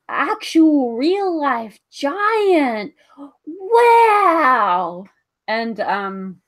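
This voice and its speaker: A woman narrating her character in a tabletop role-playing game, rambling casually with many fillers. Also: fairly low pitch. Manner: unhurried, rambling, lots of fillers like "like" and "um".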